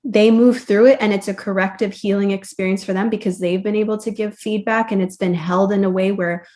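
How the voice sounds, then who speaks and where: Reflective woman therapist, mid-pitched. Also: fairly even intonation, brisk, dark tone. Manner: reflective, explanatory, loose with fillers. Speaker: therapist and guest. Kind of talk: conversational podcast interview.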